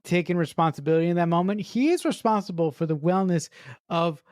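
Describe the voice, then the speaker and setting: A woman's voice: on the low side, fairly quick, darkish tone, no echo, clean studio sound. A woman co-hosting a podcast, discussing a film in casual chat, emphatic and ranting, swearing for emphasis. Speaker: podcast co-host.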